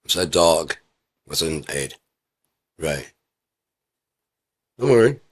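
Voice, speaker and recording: In a heated indoor room, a male vlogger delivers a rambling, lecturing rant full of casual profanity. His voice is low, rumbling and husky, with a slow, sing-song delivery.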